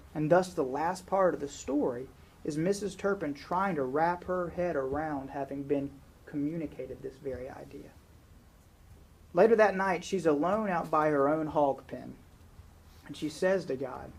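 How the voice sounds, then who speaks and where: A man's voice: a little high, normal speed, creaky, slightly rough, low-quality recording. A man preaching a sermon, talking conversationally and reading a long story passage aloud.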